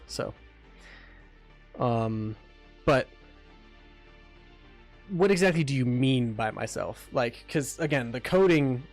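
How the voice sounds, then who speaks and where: A man chatting casually on a livestream about building his game, rambling with lots of ums and restarts while eating. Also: medium pitch. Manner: rambling, many fillers and restarts. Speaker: game developer streamer.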